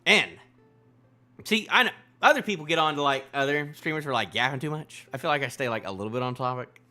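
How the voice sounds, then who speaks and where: Bright, lively male streamer. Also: medium pitch, quick pace, faint music behind. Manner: excitable, repeats himself, drifts into tangents. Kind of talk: live manga reaction stream.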